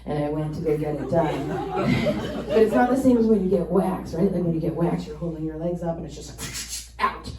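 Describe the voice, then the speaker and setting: A woman's voice: sits low, normal speed. Woman doing stand-up, roomy and distant. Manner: animated storytelling, acting out quotes in exaggerated voices. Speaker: stand-up comedian. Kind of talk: stand-up comedy set. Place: stage before a live audience. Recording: roomy live stage mic, distant, crowd laughter.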